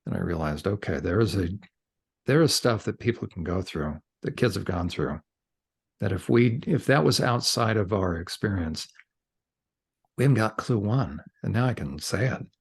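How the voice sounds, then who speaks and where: A middle-aged man speaks as a podcast guest, his low voice gravelly and a little husky. He tells his story in an animated, conversational way and talks with his hands. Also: normal speed.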